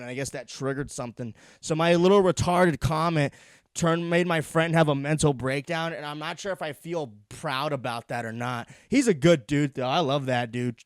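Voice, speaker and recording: A young man hosting a solo podcast, rambling crudely, swearing, and laughing at his own dark jokes. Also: on the high side, moderate pace, clear, resonant tone, dry recording, studio quality. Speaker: podcast host.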